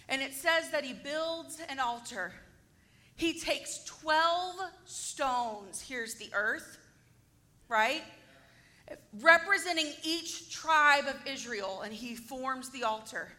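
A woman with a high, bright voice retells a Bible story to her listeners, acting out its scenes. She takes her time and asks the group questions as she goes. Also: takes it slowly. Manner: animated, acts out the story and asks the audience questions. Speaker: Bible teacher.

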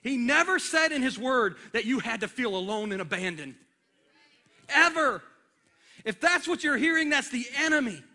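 A male pastor preaching on a church stage, with a very high pitch. His voice is bright and forceful, and he talks with animation and acts out little scenes. He speaks into a stage microphone. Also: very animated, moderate pace. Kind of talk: sermon. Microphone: handheld or stage microphone.

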